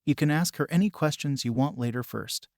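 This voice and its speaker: A man voicing a calm, serious adult male teacher in a flat, matter-of-fact way. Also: a little high, brisk, vocal fry, dry recording, clean studio sound. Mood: stern.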